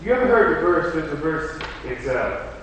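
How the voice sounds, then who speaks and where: A man preaching an informal, storytelling sermon in a folksy, lively way. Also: a little high, normal speed, a little hiss or hum. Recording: echoey hall from far off.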